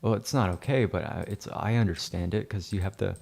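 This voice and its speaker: A man with a low, gravelly voice hosts a photo-editing livestream, talking. He rambles in a sarcastic, mock-grandiose way, teasing his viewers as he works. Typing and mouse clicks sit behind his voice. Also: brisk, a little mellow.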